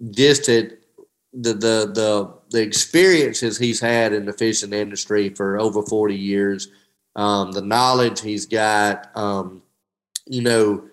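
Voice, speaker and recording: A middle-aged man with a drawl tells fishing stories in a relaxed interview. He speaks in a folksy, heartfelt way, keeps saying "dude," and trails off and restarts his sentences as he goes. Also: on the low side, low-quality recording. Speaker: professional angler, guest. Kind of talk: emotional casual interview.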